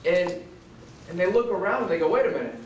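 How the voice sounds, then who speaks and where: A man's voice: sits high, lively intonation, fast, lo-fi sound. A man preaching a sermon in a casual, conversational way, retelling a film scene before turning to scripture. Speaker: pastor. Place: lecture room. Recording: echoey hall, distant mic, faint noise.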